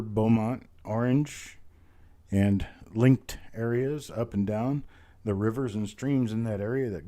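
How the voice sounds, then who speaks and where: A hoarse man, his voice still recovering, hosting a live online coin auction in a folksy, chatty way and calling out bids over and over. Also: lowish voice, mellow. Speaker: auctioneer host.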